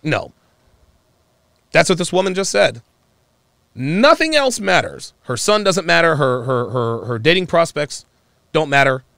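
A man's voice: on the high side, normal speed, gravelly, pauses often, a bit bright, no room sound, clean studio sound. A man hosting a podcast, giving opinionated commentary in a mocking tone and mimicking people he talks about. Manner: mocking, mimics others in exaggerated voices. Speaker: podcast host. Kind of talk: opinionated commentary on a live call-in stream.

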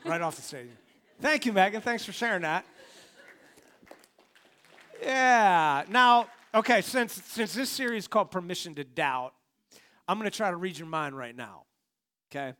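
Pastor guy giving a sermon on stage, slightly high voice, chatty and direct. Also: animated, unhurried, pauses often, pushed and bright. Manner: conversational, talks straight to the congregation. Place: church stage.

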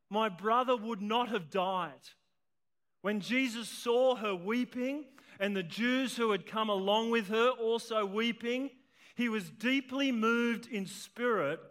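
A male pastor with a high voice preaches an impassioned sermon to a church congregation with children present. At emotional peaks, his delivery swells into shouts.

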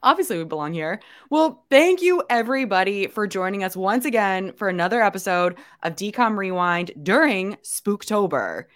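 A young woman co-hosting a podcast, raspy from a cold, chatting quickly and saying "like" a lot. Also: mid-range voice, animated. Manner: chatty, quick, says "like" often. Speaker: podcast co-host. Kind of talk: casual podcast chat.

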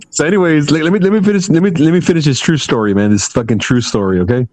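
A man's voice: fairly high pitch, lively intonation, fast, a little mellow, dry recording. A man co-hosting a podcast, teasing his friend with profane, insistent banter. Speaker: podcast co-host. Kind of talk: casual banter.

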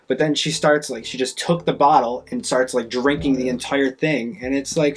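A man hosting a podcast, telling a story in casual chat, animated, acting out other people's lines and swearing freely. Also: moderate pace, few pauses, husky. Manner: animated, acts out quoted voices with big pitch jumps. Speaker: podcast host.

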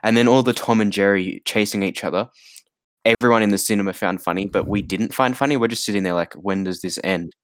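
A tired man rambles casually through a film recap, piling on fillers and laughing often. His voice sits low and sounds dry and close, with no room around it. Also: quick pace, dry recording. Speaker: podcast co-host. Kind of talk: casual chat about a film.

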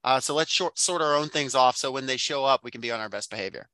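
A man co-hosting a casual book podcast, talking through his ideas in a rambling, thoughtful way with plenty of fillers and restarts. His voice is bright and forward. The sound is dry and close to the mic. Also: mid-range voice, fast talker, clean tone, no echo. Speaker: podcast co-host.

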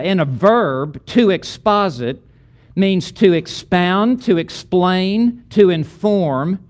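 A middle-aged man teaching a lecture on preaching, building emphatic, rhythmic lists of repeated phrases. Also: high voice.

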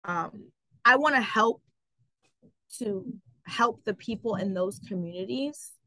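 Bright-voiced woman, chatty guest. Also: mid-range voice, slow pace, no room sound, poor audio. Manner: animated storytelling, many fillers. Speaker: guest, travel business owner. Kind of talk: casual interview.

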